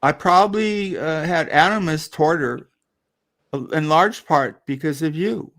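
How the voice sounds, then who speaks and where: A man's voice: a little high, a little slow, fairly bright tone. Hesitant, placating man hosting a livestream. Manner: hesitant, restarts often, placating. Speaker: livestream host. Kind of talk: casual livestream chat.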